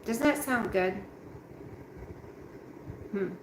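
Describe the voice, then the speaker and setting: Hosting a livestream from home, a woman with a slightly high voice reads chat and talks straight to viewers by name. She's tired and yawning, rambling slowly, and the roomy space makes the audio reverberant over a noisy background.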